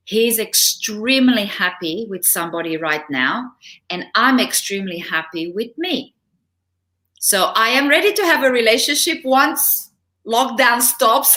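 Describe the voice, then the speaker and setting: A middle-aged woman guest, a relationship coach, talks through personal stories in a casual interview. Her voice is bright and ringing, and she laughs easily as she goes. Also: medium pitch. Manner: animated storytelling, laughs often.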